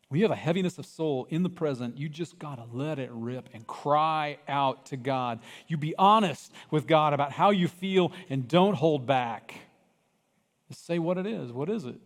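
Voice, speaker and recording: A man preaching a sermon as pastor, animated, acting out cries from the story and dropping to hushed, earnest tones. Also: on the high side, moderate pace. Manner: animated, acts out voices of people in the story, swings from loud cries to hushed. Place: church sanctuary. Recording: long reverb of a church hall.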